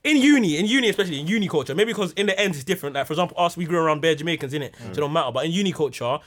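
A man's voice: a little high, lively intonation, very fast. A young man, telling a rambling story in heavy slang on a casual podcast. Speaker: podcast host. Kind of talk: casual chat.

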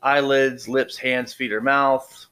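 A man's voice: mid-range voice, level tone, slow pace, sharp tone, smooth. A man reading out medication side effects in a casual vlog, tripping over long medical words and adding dry, joking asides. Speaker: vlogger reviewing medications. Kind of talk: casual read-aloud commentary.

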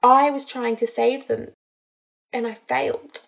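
A woman reading a storybook, voicing a distraught young witch healer who talks in a halting, tearful way. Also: a little high, steady tone, vocal fry, a little mellow. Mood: anguished.

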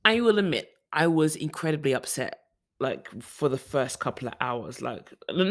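A man's voice: fairly high pitch, expressive, moderate pace, a bit bright. A young man from the UK talking casually in a personal vlog, rambling with frequent restarts and fillers. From United Kingdom. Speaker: vlogger.

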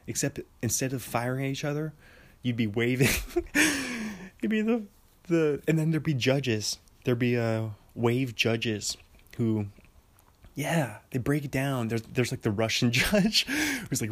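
Young guy, casual rambling talker, mid pitch, giggles at his own jokes. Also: gravelly. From Washington State, USA. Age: young adult. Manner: rambling, filler-heavy, laughs often at his own jokes. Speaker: monologue talker.

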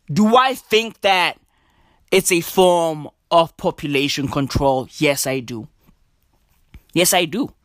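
A man doing a profane stand-up comedy rant, animated and drawn-out, jumping up into high squeaky voices. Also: dry recording, studio quality. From South Africa.

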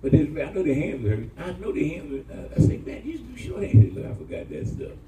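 A middle-aged man pastor, preaching an animated sermon with call-and-response to his congregation. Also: a little high, a little fast, distant mic, background noise. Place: church hall. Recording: echoey church room, mic from afar, congregation.

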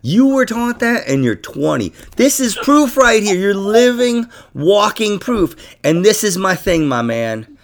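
Male podcast host, casual profane chat, gravelly, very expressive pitch. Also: measured pace. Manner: profane, animated, laughing asides.

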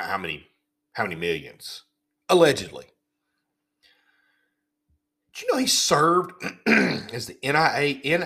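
A man's voice: on the low side, bright, forceful tone. A man hosting a podcast, ranting in an indignant, sarcastic tone and often repeating words as he goes. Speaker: podcast host. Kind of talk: casual ranting commentary.

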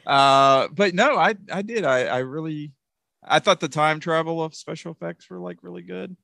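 A man co-hosting a casual movie review chat, talking in halting bursts full of fillers and restarts. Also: on the high side, creaky, pushed and bright, no echo. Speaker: podcast co-host.

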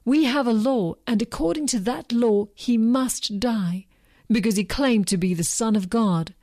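A woman reading the lines of an insistent crowd of accusers in a plain, even manner. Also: on the high side, unhurried, no room sound, clean studio sound.

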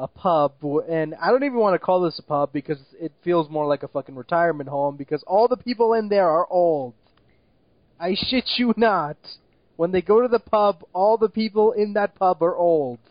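A man's voice: on the high side, expressive, moderate pace, dry recording, muffled recording. Exasperated, profane young-sounding man ranting. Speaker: movie review podcast co-host. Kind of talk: casual ranting movie review chat.

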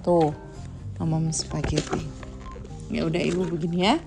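A woman's voice: low-pitched, flat delivery, moderate pace, vocal fry, warm tone, faint music behind. A mother at home reading a picture book aloud to her young child, stopping to chat and explain the story as she goes. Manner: switches between reading and chatting to the child.

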